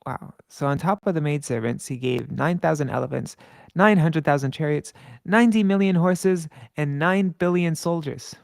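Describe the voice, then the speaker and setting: A man's voice: fairly high pitch, creaky, no room sound. Guy reading scripture and commentary, dry close sound, fixes his own slips as he goes. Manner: chants verses slowly, stumbles and corrects himself aloud. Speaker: scripture reader.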